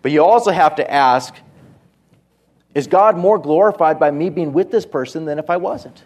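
A pastor preaching a sermon in a conversational way, with asides and quoted voices. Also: male voice, fairly high pitch, moderate pace, a little mellow.

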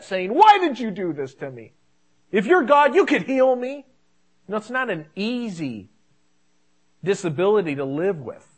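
A man preaching a sermon in a conversational way, repeating phrases for emphasis. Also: fairly high pitch.

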